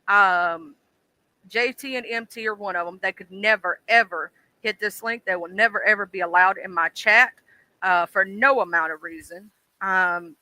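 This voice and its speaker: A man's voice: high-pitched, moderate pace, bright, forceful tone, no room sound, rough recording. A man hosting a casual livestream, talking emphatically in slangy, repetitive bursts. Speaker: livestream host.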